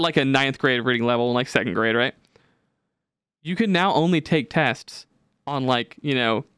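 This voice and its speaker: A young man hosting a podcast, telling stories in a profane, ranting, animated way. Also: mid-range voice, clean tone, dry recording, clean studio sound. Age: young adult. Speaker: podcast host. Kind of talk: casual podcast chat.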